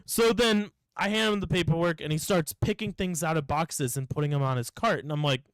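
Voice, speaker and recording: A man's voice: fairly high pitch, fairly quick, clear, resonant tone, dry recording, poor audio. A young man co-hosting a podcast, tipsy and ranting with lots of swearing as he tells a story. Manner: profane, ranting, acts out quoted people. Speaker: podcast co-host. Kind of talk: casual podcast chat.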